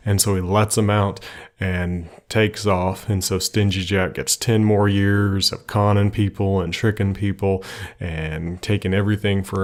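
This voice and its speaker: A male podcast host telling a folk tale in a casual, colloquial and lively way. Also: on the low side. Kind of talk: casual storytelling.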